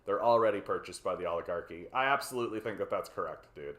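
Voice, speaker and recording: A man's voice: deep voice, expressive, fast, a bit bright, roomy sound. A man with a Canadian accent, hosting a livestream of casual political commentary, rambling and profane, tagging his points with "right?". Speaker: livestream host.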